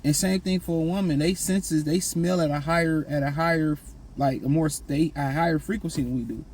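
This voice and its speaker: A man's voice: a little high, steady tone, a little fast, darkish tone, slight background noise, rough recording. A man giving blunt, slangy dating and self-improvement advice in a casual, repetitive monologue.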